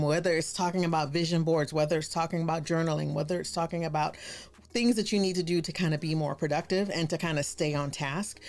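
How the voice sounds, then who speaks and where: A woman hosting a live stream, chatting in a casual, animated and exclamatory way with her viewers. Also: fairly low pitch. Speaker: livestream host and branding coach.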